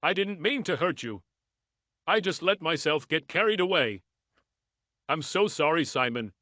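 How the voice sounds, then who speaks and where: A woman's voice: deep voice, lively intonation, a little slow, fairly bright tone, dry recording. A man reading the lines of a remorseful unfaithful wife, speaking in a pleading, apologetic way.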